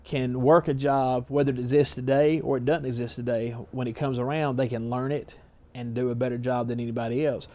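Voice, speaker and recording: A man's voice: medium pitch, level tone, fairly quick, dark tone, highs cut off. Plain-spoken man. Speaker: school educator and parent. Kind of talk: documentary interview.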